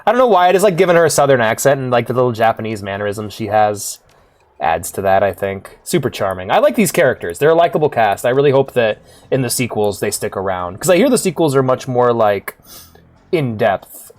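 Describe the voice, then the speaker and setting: A man's voice: mid-range voice, animated, a little fast. Chatty young male streamer. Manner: chatty, upbeat, rambling. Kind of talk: casual game commentary.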